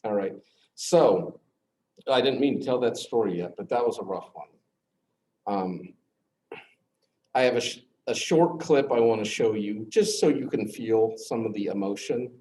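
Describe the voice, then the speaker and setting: A middle-aged man teaching a class, earnestly telling a personal story, with his voice dropping low at the hard moments. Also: a little slow, mellow. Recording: echoey classroom, faint noise.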